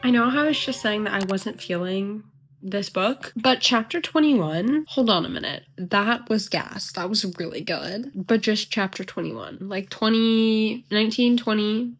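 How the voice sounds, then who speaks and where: A woman's voice: mid-range voice, measured pace. Chatty young woman vlogging about books. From the American South. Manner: chatty and gushing, lots of "like". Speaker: book vlogger. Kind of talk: casual reading vlog chat.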